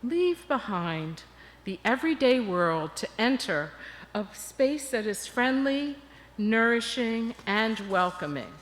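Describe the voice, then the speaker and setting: An older woman guest speaker leading a congregation in laughter exercises, animated and coaxing. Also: fairly high pitch, takes it slowly. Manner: animated, coaxing, bursts into cheering and chanting. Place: church sanctuary. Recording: long hall reverb.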